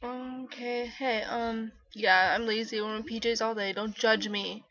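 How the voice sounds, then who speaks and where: A woman's voice: fairly high pitch, fairly even intonation, measured pace, fairly bright tone. Sleepy rambling young woman vlogger. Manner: sleepy, rambling, many fillers. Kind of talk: casual vlog chat. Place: bedroom at home. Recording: dull lo-fi webcam audio.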